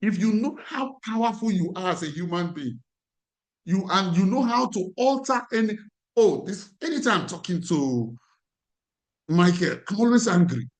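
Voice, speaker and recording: A man's voice: sits high, expressive, normal speed. A man with a Nigerian accent, a life coach teaching a class in an emphatic way and repeating his key phrases.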